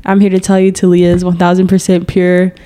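Mellow-voiced woman podcast host. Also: on the low side, monotone, fairly quick. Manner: candid, talkative, slangy. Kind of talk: casual chat.

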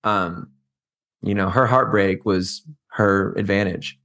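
A man co-hosting a podcast, gossiping about reality television in a campy, animated way. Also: deep voice, slow. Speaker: podcast co-host. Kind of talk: casual chat.

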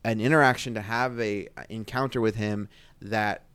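Guy with a lowish voice thinking out loud about a bible verse, dry close mic, lots of ums and restarts. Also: steady tone, clean tone, no echo. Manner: thoughtful, halting, many restarts and fillers. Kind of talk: casual Bible discussion.

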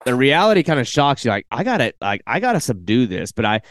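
A man hosting a casual podcast chat, relaxed and plain-spoken, trading fishing stories. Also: medium pitch, quick pace, no echo. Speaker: podcast host.

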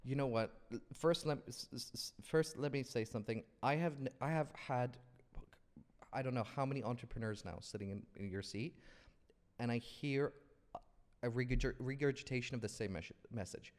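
A man's voice: medium pitch, normal speed. A man hosting a casual interview, musing thoughtfully with dry jokes and stumbling over words. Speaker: podcast host. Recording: long reverb in room.

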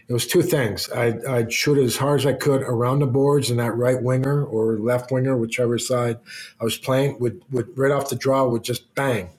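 A man's voice: mid-range voice, darkish tone. A middle-aged man, a retired hockey player as a podcast guest, telling casual rambling anecdotes full of restarts. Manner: rambling anecdotes with many restarts and quoted voices. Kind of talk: casual storytelling.

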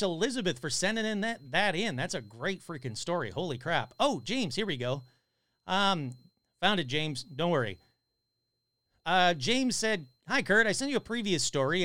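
An excitable man hosts a casual live stream, reading listener stories aloud and breaking in with loud, swearing reactions. His voice sits a little high and swings widely in pitch. The sound is dry and close, with no room echo.

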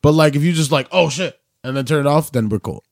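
A man's voice: fairly high pitch, fast, a little mellow, dry recording, studio quality. A man co-hosting a casual podcast, argumentative and profane. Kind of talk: casual banter.

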